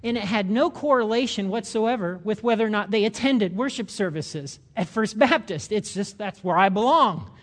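An older man preaching a sermon, animated, acting out the voices of the people he quotes. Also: sits high, normal speed, hardly any pauses. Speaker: pastor.

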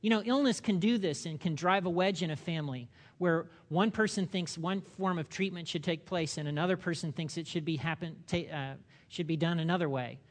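A male pastor preaches a sermon in a church, his voice sitting a little high for a man. He talks in an animated way, acting out the voices of people in the story and putting questions to the congregation. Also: fairly quick.

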